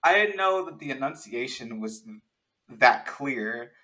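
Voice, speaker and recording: A man talking in a casual, animated chat, rambling with many restarts. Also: medium pitch, unhurried, poor audio.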